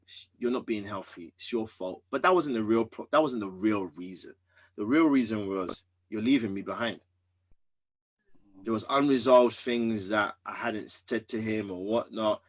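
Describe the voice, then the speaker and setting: A husky-voiced man tells a personal story as a podcast guest. He is earnest and emphatic, getting loud one moment and hushed the next, at a middling pitch.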